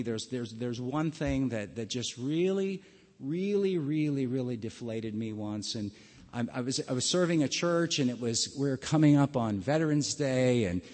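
A man preaching a sermon as pastor, earnest and halting, often restarting his words. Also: medium pitch, a little mellow, long reverb tail.

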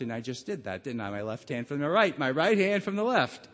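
A man preaching a sermon and telling the story dramatically, his voice swinging between loud and hushed. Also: medium pitch, very animated, fairly quick, few pauses, long reverb tail.

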